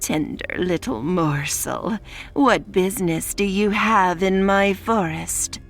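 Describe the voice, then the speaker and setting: A woman voicing a stern male alpha wolf who speaks in a measured, scornful way. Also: medium pitch, soft background music.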